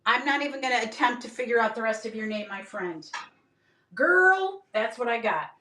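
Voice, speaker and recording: Woman, high voice, bubbly live-stream seller, echoey room, standing back from the mic. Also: fast talker, pushed and bright, recorded from a distance. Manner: bubbly, greets viewers by name, jokes. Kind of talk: chatty live-stream selling.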